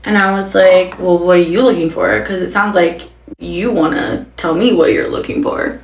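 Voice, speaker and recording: A young woman casually telling a dating story in an exasperated, animated way, full of fillers. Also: fairly low pitch, normal speed, echoey room.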